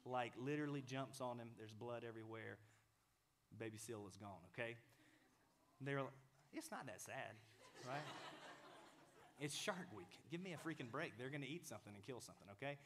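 Guy in his 30s preaching, lively and animated, acts out voices, goes quiet and whispery sometimes. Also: medium pitch, fairly quick, long pauses, slight background noise. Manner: animated, acts out inner dialogue, drops to soft whispers. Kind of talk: sermon.

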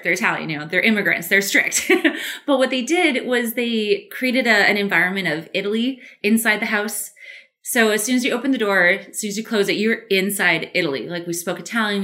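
A Canadian woman, a guest artist in a casual interview, tells stories in a chatty way, laughing often and using plenty of fillers. Her medium-pitched voice sounds pushed and bright.

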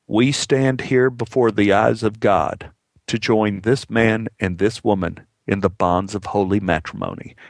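A man quoting a kindly older judge in a slow, solemn, gently amused voice. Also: lowish voice, steady tone, dry recording. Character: kindly older male small-town judge.

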